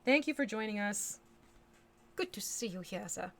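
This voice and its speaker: A woman's voice: medium pitch, lively intonation, moderate pace, creaky. A woman from the States hosting a miniature painting livestream, chatting casually and thinking aloud as she works, with little hummed nonsense syllables. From United States. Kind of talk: casual chat while painting live.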